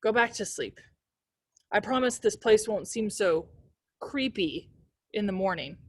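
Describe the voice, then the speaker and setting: A woman reading aloud and voicing a sleepy, tired mother woken in the night, drowsy and gently teasing. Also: medium pitch, expressive, measured pace, breathy edge, dry recording, clean studio sound. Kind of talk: read-aloud storybook dialogue.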